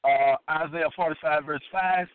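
A man teaching from the Bible in an emphatic, deliberate way, repeating his points. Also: fairly high pitch, steady tone, clear, resonant tone. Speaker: Bible teacher hosting an episode. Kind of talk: preaching Bible study. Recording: tinny phone-like, dry sound.

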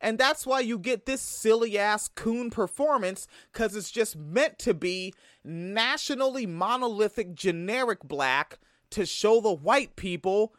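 A man's voice: sits high, expressive, measured pace, a bit bright, no room sound, studio quality. A man from Tacoma giving a profane, heated reaction commentary. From Tacoma, Washington. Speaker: video commentator.

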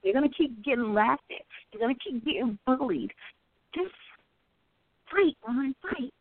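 A woman co-hosting a chat show, bossy in a joking way. Her voice sits high and swings a lot. The sound is dry and tinny like a phone. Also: expressive, unhurried, no room sound. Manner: playful, needling, bossy teasing. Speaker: co-host. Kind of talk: casual chat.

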